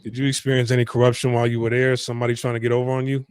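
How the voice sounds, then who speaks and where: A man's voice: mid-range voice, flat delivery, very fast, clean tone, no echo, clean studio sound. A man hosting an interview, chatting casually and emphatically with lots of fillers. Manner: conversational, emphatic, filler-heavy. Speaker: podcast host.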